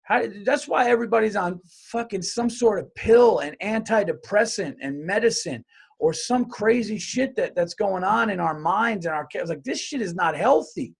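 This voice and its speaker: Profane rambling comedian, higher voice. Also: male voice, normal speed, vocal fry, husky. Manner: profane, rambling, animated rants. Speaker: comedian podcast host. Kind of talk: solo comedic monologue.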